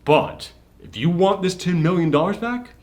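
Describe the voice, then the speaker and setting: Man voicing a young male hero, firm and bargaining, slightly raised pitch, light take. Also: lively intonation, normal speed, a little mellow. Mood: demanding. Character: desperate young male hero making demands.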